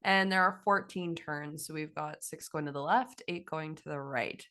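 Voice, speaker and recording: A woman's voice: deep voice, normal speed, sharp tone. A woman from Canada co-hosting a podcast, chatting in an upbeat way and reading out facts. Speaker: podcast co-host. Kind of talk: casual chat.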